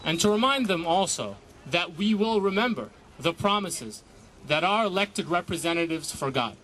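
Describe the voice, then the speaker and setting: A lawyer giving a protest speech outdoors, a man who speaks in measured, repetitive rhetorical lines. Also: sits high, lively intonation, heavy background noise.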